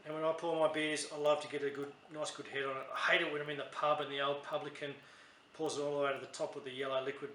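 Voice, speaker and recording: A man's voice: on the high side, flat delivery, fast talker, pushed and bright, reverberant, slight background noise. An Australian man reviewing a beer in a casual, chatty, rambling way, often correcting himself mid-sentence.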